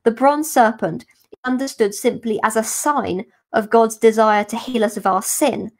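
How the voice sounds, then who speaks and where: Nun explaining scripture, slightly high voice. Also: female voice. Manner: explanatory, careful, unhurried teaching. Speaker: religious sister teaching scripture. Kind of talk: podcast scripture commentary.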